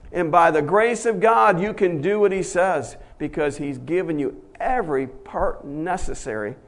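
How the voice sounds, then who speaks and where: A man preaching a sermon as pastor, emphatic, swinging between loud peaks and quiet low passages, acting out the voices he quotes. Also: moderate pace, hardly any pauses.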